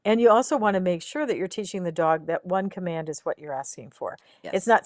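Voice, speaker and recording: A woman's voice: on the low side, no room sound, studio quality. A woman co-hosting a casual talk show, explaining dog training in a practical, matter-of-fact way. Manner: practical, explanatory, quick to laugh. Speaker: co-host. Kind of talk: casual podcast chat.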